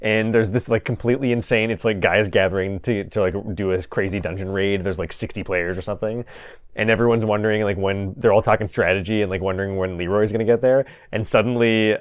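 A man's voice: fairly low pitch, steady tone, brisk, no room sound, studio quality. A man co-hosting a casual gaming podcast, rambling with lots of fillers and frequent laughs. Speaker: podcast co-host.

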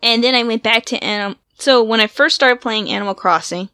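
A woman's voice: fairly high pitch, a little fast, pushed and bright, clear, resonant tone, dry recording. A woman chatting casually as a co-host, rambling as she goes. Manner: rambling, with many fillers and restarts. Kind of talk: casual chat.

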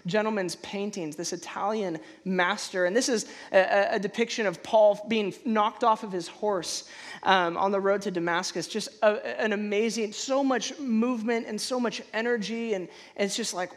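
Animated conversational male preacher. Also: sits high, normal speed. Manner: animated, conversational, frequent restarts and stammers; acts out feelings in sudden loud bursts. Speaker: pastor. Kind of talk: sermon.

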